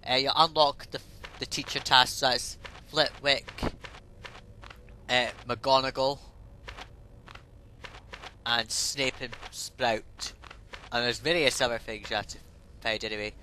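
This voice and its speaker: A man's voice: medium pitch, fairly even intonation, takes it slowly, pauses often, pushed and bright, slight background noise, rough recording. A man casually rambling through game commentary, offhand and prone to swearing. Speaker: gaming let's play host. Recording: voice over game music.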